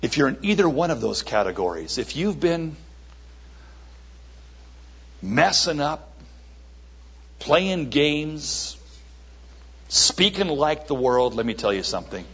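A man preaching a sermon in a church service and giving an altar call, speaking emphatically with dramatic pauses and repeated words. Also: fairly high pitch, big pitch swings, a bit bright, slightly rough, highs cut off.

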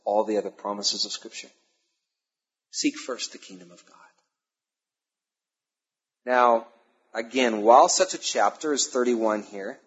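A male pastor preaching a sermon, emphatic, repeating key phrases and pausing between them. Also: mid-range voice, slightly rough. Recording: dull lo-fi sermon recording.

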